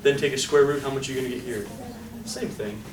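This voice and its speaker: Here a male statistics lecturer talks fast in a mid-range voice, cheerfully running a classroom lecture where he quizzes students and draws answers out of them. Background noise, a distant microphone, and room echo color the audio.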